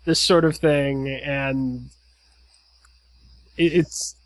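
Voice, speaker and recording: A man's voice: mid-range voice, fairly even intonation, very slow, no echo, poor audio. A man in a casual podcast chat, talking hesitantly and correcting himself. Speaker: podcast co-host.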